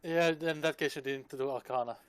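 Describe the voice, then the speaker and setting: A man narrating as dungeon master, describing the scene in a relaxed, casual way. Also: mid-range voice, brisk, smooth, no room sound. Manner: descriptive, laid-back, casual swearing. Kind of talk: narrating a tabletop game.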